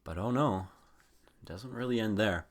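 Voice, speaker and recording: Low-voiced man telling a wild story. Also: moderate pace. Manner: rambling, profane, laughs at own story. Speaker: podcast host. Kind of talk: casual storytelling.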